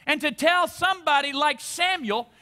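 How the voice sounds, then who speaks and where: A man's voice: extremely high pitch, moderate pace, bright, forceful tone. A man in his forties preaching a fervent sermon to a church congregation, calling on the audience to repeat after him. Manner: fervent preaching with call-and-response. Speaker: pastor. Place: church service.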